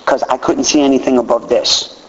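A man in his fifties giving an animated, self-mocking personal talk as a recovery speaker. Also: medium pitch, fairly quick, crowd noise. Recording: distant hall, dull and noisy.

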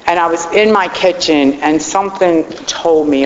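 A woman's voice: low voice, moderate pace, hardly any pauses, a little hiss or hum. A middle-aged woman telling her own recovery story in a heartfelt, rambling way. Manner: heartfelt, rambling, choked up at times. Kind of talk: personal testimony talk. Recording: roomy hall, dull lo-fi sound.

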